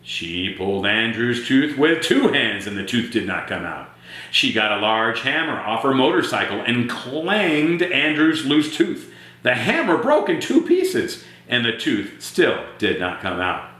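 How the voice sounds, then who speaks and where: A man reading a picture book aloud to children, animated and asking his young listeners questions. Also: mid-range voice, measured pace. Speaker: storytime reader. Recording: very echoey room.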